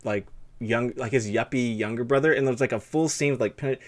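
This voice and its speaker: A young man with a lisp interviews a guest on his stream, talking quickly in a mid-range voice. The chat is casual, and his speech is loose, meandering and heavy with fillers.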